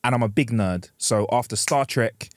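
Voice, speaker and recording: A man's voice: mid-range voice, slight background noise. A man with a British accent co-hosting a podcast, chatting casually with lots of swearing and banter. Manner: fast, swearing, banter-heavy. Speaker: podcast co-host. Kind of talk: casual chat.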